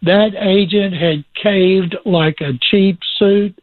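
A man spinning lively sports anecdotes as a guest, doing quick impressions of the people in them. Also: high voice, dry recording. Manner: lively, imitates people in his stories. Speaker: guest recounting sports stories. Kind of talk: anecdotal storytelling. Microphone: phone. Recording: tinny phone line.

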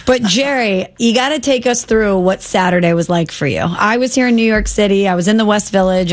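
An upbeat woman hosts a casual sports conversation. She sounds enthusiastic as she steers the talk with her questions. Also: medium pitch. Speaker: host.

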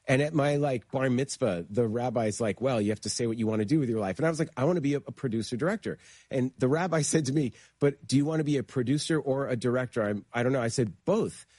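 A man, a horror filmmaker and guest, telling animated stories in conversation and acting out the voices he quotes. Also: mid-range voice, no echo. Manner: fast, excitable, acts out quoted voices. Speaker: horror film producer and director guest.

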